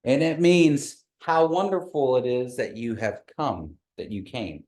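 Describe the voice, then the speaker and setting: A man teaching a language class, patient and encouraging, slowing down to model each sound. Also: medium pitch, darkish tone.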